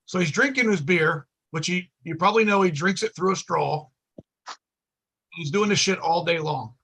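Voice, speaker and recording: A podcast guest with a high, bright, gravelly voice and a slightly husky edge speaks at a moderate pace. In casual chat he tells a rambling, profane story, acting out each quoted line with gusto.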